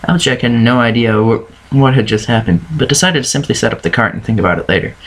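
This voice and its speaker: A man's voice: mid-range voice, quick pace, fairly bright tone, low-quality recording. Man reading fan fiction aloud in a mid-range voice, stumbles and self-corrects. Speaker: reader.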